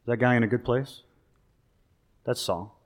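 A male pastor giving a sermon, talking in a conversational, animated way that rises into emphasis. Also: mid-range voice, normal speed. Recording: long reverb of a large hall.

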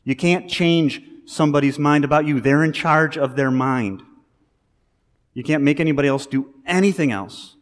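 A male pastor giving a sermon, talking in a conversational, animated way that rises into emphasis. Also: fairly high pitch, normal speed. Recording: long reverb of a large hall.

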